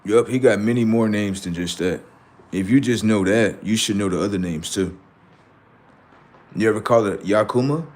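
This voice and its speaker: A man's voice: fairly low pitch, normal speed, darkish tone. A man hosting a livestream, talking in heated banter with a mocking, argumentative, slang-heavy manner and heavy swearing. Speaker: livestream host.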